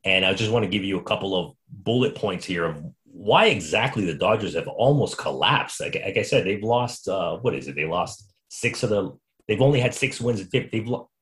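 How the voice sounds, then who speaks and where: A man hosting a casual sports podcast, telling stories in an animated, quick way with frequent restarts. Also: deep voice. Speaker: podcast host.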